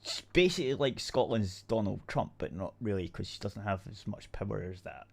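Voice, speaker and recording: A man with a fairly low voice, talking in a loose, casual podcast chat. He rants bluntly, swears a lot, and keeps tossing in "right?" as he goes. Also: lively intonation, normal speed, creaky, slightly rough. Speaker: podcast co-host.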